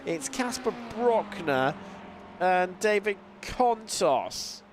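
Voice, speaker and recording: A man calling a sim race as a live commentator. He has a lingering cold, talks in a lively play-by-play with fillers and mid-sentence restarts. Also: high voice, very slow. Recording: voice over loud race car noise. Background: racing car engine sounds.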